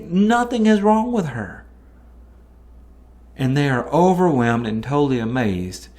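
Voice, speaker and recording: A man hosting a Bible teaching podcast, talking in a relaxed, conversational way. His voice sits a little higher than most men's. He gets animated when he acts out what people said. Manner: lively, conversational, swings into animated quoted voices. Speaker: podcast host teaching scripture.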